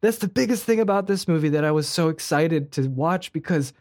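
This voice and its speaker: A man in casual conversation, talking in an excitable, enthusiastic way. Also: fairly high pitch, brisk. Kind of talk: casual chat.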